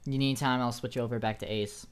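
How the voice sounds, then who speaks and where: A man's voice: mid-range voice, steady tone, fast talker, smooth. A man narrating as dungeon master in a tabletop game, hesitant and searching for words.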